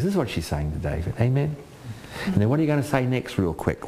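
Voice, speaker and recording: An older man preaching a sermon, swinging between high pleading quotations and low earnest asides, often asking "Amen?". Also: very animated, fast talker, mellow, slight background noise. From Australia.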